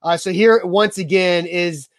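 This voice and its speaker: Analytical sports host, dry sound. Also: male voice, high voice, steady tone, measured pace, dry recording. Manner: analytical, building an argument step by step. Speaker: podcast co-host. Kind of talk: sports talk debate.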